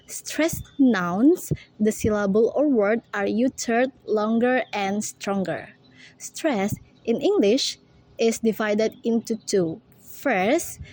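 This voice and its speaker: A young woman, a university student, reading a class presentation aloud in a slow, careful, deliberate way. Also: medium pitch, darkish tone, low-quality recording. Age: young adult.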